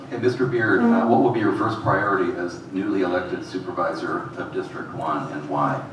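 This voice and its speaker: A deep-voiced male moderator reads questions briefly and plainly. His voice comes from far across a big hall, with heavy echo and clear background noise. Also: steady tone, fairly quick. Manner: brief and businesslike. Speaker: forum moderator. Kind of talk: reading questions.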